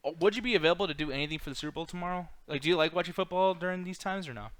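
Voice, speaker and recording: A man co-hosting a casual live-stream chat, excitable and profane, laughing often. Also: high-pitched, rapid-fire, no room sound. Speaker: podcast co-host.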